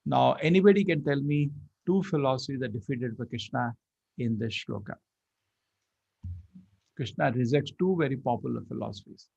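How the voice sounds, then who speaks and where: Gravelly man teaching scripture. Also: mid-range voice, normal speed, long pauses, a little mellow, dull audio. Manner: chants Sanskrit verses and explains them line by line. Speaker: Bhagavad Gita teacher. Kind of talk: scripture class lecture.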